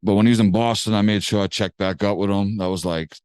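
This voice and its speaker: A young man from Massachusetts, a music producer telling a story in a casual podcast chat, animated and slangy, swearing casually. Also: fairly low pitch, fast talker, clean tone, dry recording. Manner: animated, slangy, swears casually, acts out other people's lines.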